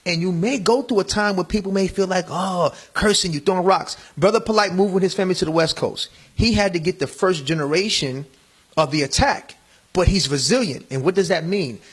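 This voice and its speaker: A man's voice: high voice, a little fast, breathy edge. A middle-aged man speaking earnestly in a casual discussion, with a preachy tone, often repeating words. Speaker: panel guest.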